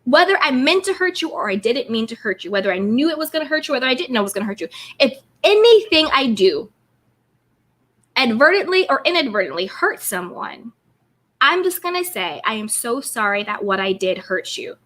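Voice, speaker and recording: Emphatic high-voiced woman live-streaming. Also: big pitch swings, brisk, fairly bright tone. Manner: emphatic and chatty, greets viewers by name. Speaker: commentary host reading live chat. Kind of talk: casual live-stream commentary.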